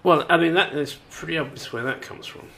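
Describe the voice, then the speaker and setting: A man's voice: on the high side, fairly quick, bright, forceful tone, slight background noise. A man co-hosting a radio show, chatting playfully in a rambling way full of fillers and hesitations. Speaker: radio co-host. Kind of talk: casual on-air chat.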